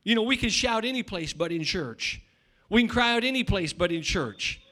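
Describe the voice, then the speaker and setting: A middle-aged male pastor preaching a sermon, swinging between loud shouting and quiet asides, often repeating words and restarting. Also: high voice, expressive, normal speed.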